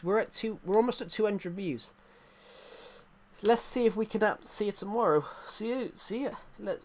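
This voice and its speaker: A man's voice: high voice, a little hiss or hum. A man chatting casually to viewers during a gaming live stream, rambling and joking as he plays.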